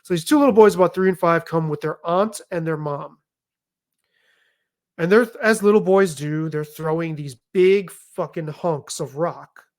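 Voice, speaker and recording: Animated, profane male storyteller. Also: a little high, moderate pace. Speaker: podcast guest. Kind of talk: casual storytelling chat.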